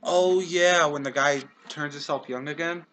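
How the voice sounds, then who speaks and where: A man's voice: fairly high pitch, measured pace, pushed and bright, slight background noise. A man casually co-hosting a review chat, giving plain, matter-of-fact opinions. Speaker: co-host reviewing a TV series.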